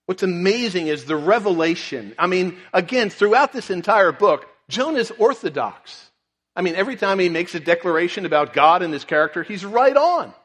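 Man, pastor, sermon, earnest scripture quoting, fairly high voice, reverberant church. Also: expressive, normal speed, a bit bright. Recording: long reverb in a large hall.

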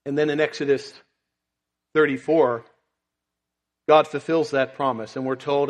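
A man's voice: a little high, steady tone, measured pace, long pauses. A man preaching a sermon, earnestly reading and explaining scripture. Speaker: pastor. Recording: long reverb in a large hall.

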